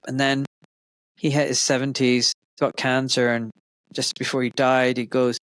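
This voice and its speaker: A man's voice: mid-range voice, measured pace, no echo. A middle-aged man hosting a podcast interview, talking in an enthusiastic, rambling way. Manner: enthusiastic, rambling, animated retelling. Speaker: podcast host. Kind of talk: casual interview chat.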